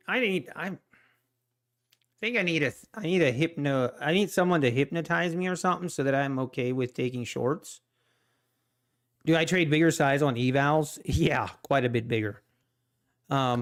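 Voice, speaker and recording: Man, livestream trader, rambling self-deprecating chat, slightly high smooth voice. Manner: relaxed, rambling, self-deprecating, chuckles often. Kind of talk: casual live-stream chat.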